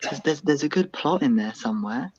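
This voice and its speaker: A man's voice: on the high side, animated, a little fast, dull audio, a crowd in the background. A young man, a university student guest, chatting casually on a livestream and hedging his points. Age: young adult. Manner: hesitant, hedging with "I think".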